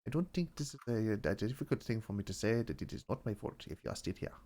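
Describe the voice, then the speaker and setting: A man's voice: fairly low pitch, animated, quick pace, dark tone. Male podcast host, casual, rambling, dry and self-deprecating.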